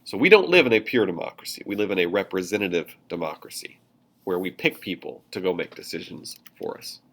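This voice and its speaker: Chatty low-voiced male teacher. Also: animated, a little fast, a bit bright. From Indiana, USA. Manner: casual, chatty, many fillers and asides. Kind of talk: classroom lecture notes.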